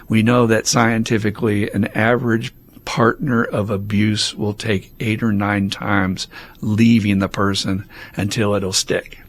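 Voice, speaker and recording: A man hosting a recovery podcast, answering listener questions in a frank, conversational way and laughing between points. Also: on the low side. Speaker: podcast host and recovery sponsor.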